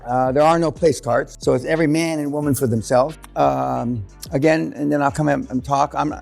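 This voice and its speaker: A man's voice: medium pitch, fairly even intonation, moderate pace, gravelly, darkish tone, soft background music. An older man giving a seminar, telling stories in a blunt, crude, swearing way in a large room. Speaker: seminar speaker. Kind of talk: profane seminar storytelling.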